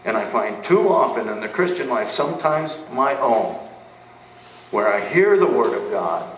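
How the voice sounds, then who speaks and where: A man's voice: medium pitch, big pitch swings, normal speed, lo-fi sound. A man preaching a sermon as a pastor, emphatic and fond of asking questions and answering them himself. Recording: echoey room, mic at a distance, faint background noise.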